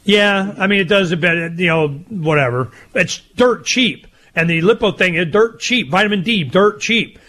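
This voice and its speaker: An older man co-hosting a casual talk show, rambling and animated, with loud laughs. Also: sits high, normal speed, hardly any pauses. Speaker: co-host. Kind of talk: casual chat.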